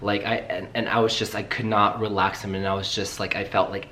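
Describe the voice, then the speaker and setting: A young man in casual vlog chat, rambling and excitable, swearing casually as he talks. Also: fairly low pitch, a little fast, slight background noise. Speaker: travel vlogger.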